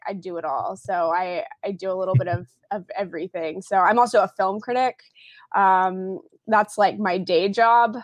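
A woman's voice: mid-range voice, dry recording, clean studio sound. A young adult woman from Oklahoma, a podcast guest chatting casually with lots of fillers and restarts. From Tulsa, Oklahoma area, US. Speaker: podcast guest, film critic.

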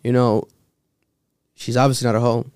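A man hosting a podcast, chatting casually in a loose, animated way with lots of fillers and quick asides. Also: mid-range voice. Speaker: podcast host. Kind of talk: casual chat.

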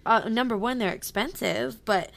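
Animated woman in casual podcast chat. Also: a little high, moderate pace, gravelly. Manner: animated, swears, many fillers. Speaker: podcast co-host.

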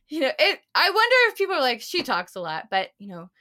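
A woman's voice: sits high, very animated, moderate pace, pushed and bright. A woman co-hosting a podcast, chatting casually and rambling through long stories. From United States. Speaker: podcast co-host. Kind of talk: casual chat.

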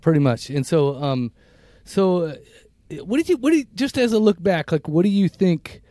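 A man in his fifties co-hosting a podcast, chatting casually in a rambling, reflective way with halting restarts. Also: high-pitched, very animated, dark tone, no room sound. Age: 50s. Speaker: podcast co-host. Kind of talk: casual chat.

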